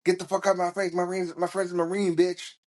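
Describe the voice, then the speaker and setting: A man's voice: high voice, level tone, fast, darkish tone, pitched above the performer's own voice, close to an everyday voice. A man voicing a drunk, belligerent young man who keeps picking fights and swearing out cocky threats.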